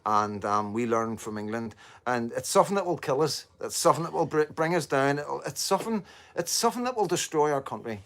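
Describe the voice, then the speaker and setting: Northern Irish man, rambling live-stream talker, fillers and swearing, mid-pitched everyday voice. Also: animated, fairly quick, a bit bright. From Northern Ireland. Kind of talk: casual live stream monologue.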